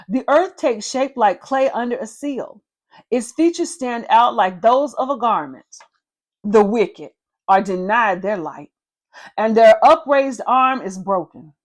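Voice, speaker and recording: A woman reads a Bible passage aloud and stops now and then for lively, excited commentary. Her voice sits high. She reads with a sermon-like emphasis. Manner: animated, excited asides. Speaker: Bible reader. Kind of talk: scripture reading with commentary.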